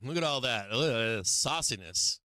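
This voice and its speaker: A man's voice: mid-range voice, animated, moderate pace, pushed and bright, no echo. A man hosting a stock market livestream, giving brash, profane live trading commentary and laughing often.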